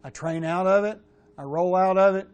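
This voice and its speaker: A middle-aged man coaching quarterbacks, talking bluntly through game film with casual swearing and animated asides. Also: high voice, normal speed. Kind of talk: film breakdown coaching talk.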